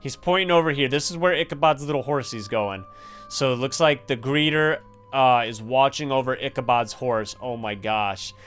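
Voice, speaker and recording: A young man doing chatty, excitable gameplay commentary and reading the story aloud, dropping to a hush when things get creepy. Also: medium pitch, normal speed, faint music behind. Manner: excitable, chatty, drops to hushed tones when spooked. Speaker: gaming YouTuber.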